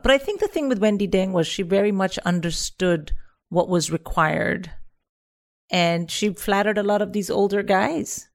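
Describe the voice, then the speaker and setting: A woman's voice: medium pitch, normal speed. A woman speaking in casual comedy podcast chat who gives frank opinions and swears casually.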